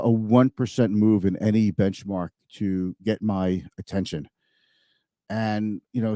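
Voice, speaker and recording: A man's voice: fairly low pitch, warm tone, no room sound, clean studio sound. A man hosting a finance show, giving casual market commentary in a chatty, thinking-aloud way and often correcting himself mid-sentence.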